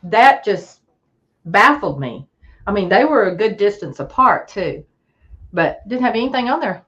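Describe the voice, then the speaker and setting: A woman's voice: mid-range voice, very animated, unhurried, a bit bright, dull audio. A woman guest on a podcast, telling a story in casual chat and acting out the people she quotes.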